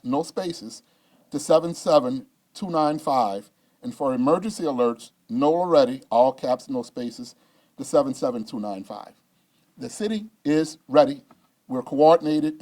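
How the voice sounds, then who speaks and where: A man speaking as mayor at a press conference, reading a measured, formal safety briefing. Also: mid-range voice, a little mellow. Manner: measured, formal, reads lists of rules.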